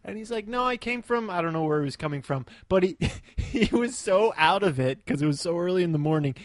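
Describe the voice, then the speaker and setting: A man's voice: on the high side, brisk, no echo, studio quality. A young man co-hosting a podcast, telling rambling travel stories in casual chat and laughing often. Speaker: podcast co-host.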